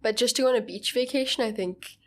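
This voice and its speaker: A woman's voice: a little high, fast. Easygoing woman chatting on a podcast. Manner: easygoing, reflective, says "like" often. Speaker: podcast co-host. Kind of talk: casual chat.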